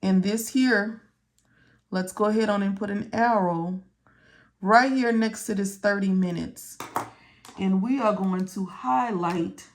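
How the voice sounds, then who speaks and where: A woman's voice: medium pitch, darkish tone. A woman teaching medical coding step by step, repeating key words and asking and answering her own questions. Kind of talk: step-by-step tutorial walkthrough.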